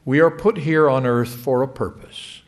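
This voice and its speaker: A middle-aged man delivering a sermon to a congregation in a measured, emphatic way. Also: medium pitch. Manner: measured, lively rising emphasis. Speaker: church speaker.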